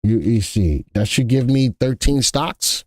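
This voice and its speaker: A man's voice: medium pitch, expressive, measured pace, a little mellow, dry recording, clean studio sound. A man hosting a live stock market stream, chatting casually and thinking aloud as he works, often repeating himself.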